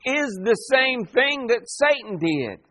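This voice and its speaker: A man with a high voice preaches a sermon. He slips into the voices of the people in his story and keeps putting pointed questions to his listeners. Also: big pitch swings, slow, bright, forceful tone. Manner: dramatic voicing of quoted figures, rhetorical questions. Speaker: pastor.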